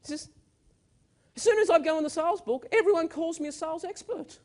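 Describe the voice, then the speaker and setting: A man's voice: very high-pitched, a little fast. A man giving a motivational keynote speech on stage, telling stories with energy and emphasis. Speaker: keynote speaker. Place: stage at a live event.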